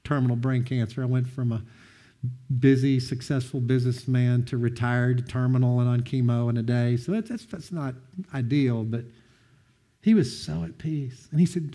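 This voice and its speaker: A man sharing a personal testimony, earnest and heartfelt, often quoting others with lively bursts of emphasis. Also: mid-range voice, normal speed. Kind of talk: heartfelt storytelling talk.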